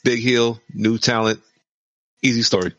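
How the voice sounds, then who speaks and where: A man casually pitching wrestling storylines in quick, matter-of-fact beats. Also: steady tone, a bit bright, no room sound, dull audio. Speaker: wrestling podcast co-host. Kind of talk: casual chat.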